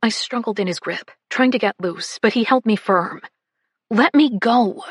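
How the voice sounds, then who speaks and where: Breathy woman narrating a romance audiobook. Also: mid-range voice, normal speed, no echo, studio quality. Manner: breathy, dropping to whispers. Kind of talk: first-person romance narration.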